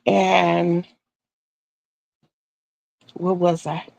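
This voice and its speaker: An older woman talks through her crochet work on a live stream, chatty and rambling, circling back and repeating her words. Her voice has a gravelly edge, and the sound is dry and close. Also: fairly low pitch, flat delivery, very slow, a little mellow, no room sound. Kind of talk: casual live-stream chat while crocheting.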